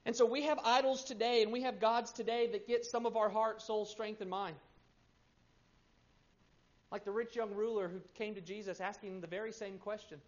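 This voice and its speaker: A pastor in his thirties preaching a sermon, swinging between loud emphasis and hushed, quiet stretches. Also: high voice, steady tone, normal speed. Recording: muffled lo-fi sermon recording.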